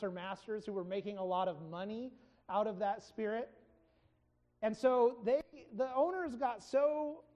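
In an informal Bible lesson, a teacher with a mid-pitched voice walks through a scripture passage in a relaxed, conversational way. The speaker often stops for self-corrections and retells the story in plain everyday words.

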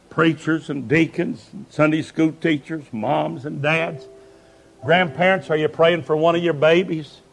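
Male revival preacher, folksy storyteller, a bit high-pitched. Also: vocal fry, rough recording. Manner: folksy, quotes people in dialogue, dramatic dips and rises.

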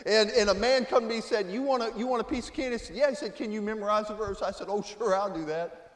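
A high-pitched male preacher from Florida delivering a heartfelt testimony sermon. His voice swings between near-whispers and loud exclamations. It rings through a church sanctuary with a long, echoing reverb. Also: fast talker. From Florida, USA. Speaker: guest preacher.

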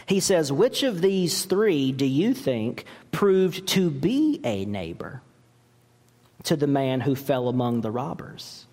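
A pastor delivers a sermon in a slow, deliberate cadence, his pitch rising and falling with lively animation. He preaches emphatically, leaning on rhetorical questions. His voice carries a long reverb from a large church hall.

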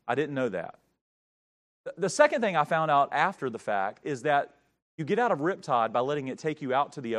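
A middle-aged preacher man tells his story from the pulpit. His voice sits high for a man, and it rises to shouts before sinking to near hushes. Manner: dramatic swings from shouting to hushed. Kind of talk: sermon storytelling.

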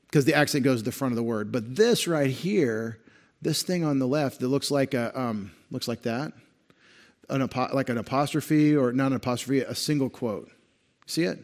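A male pastor delivers a teaching sermon at a mid-range pitch. He explains grammar step by step in a patient, classroom-like manner, checking that his listeners follow. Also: darkish tone. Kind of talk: expository sermon.

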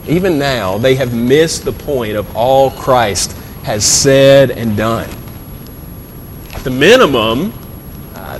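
Earnest preacher in a reverberant hall. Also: male voice. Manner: earnest, repeats words, frequent fillers. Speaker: pastor. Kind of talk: sermon. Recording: long hall reverb, faint rumble.

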